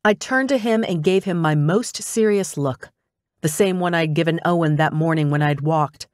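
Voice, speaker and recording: A woman narrates a first-person audiobook in a lively, eager way. Her voice sits on the lower side for a woman. The recording is close and completely dry. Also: normal speed, dry recording.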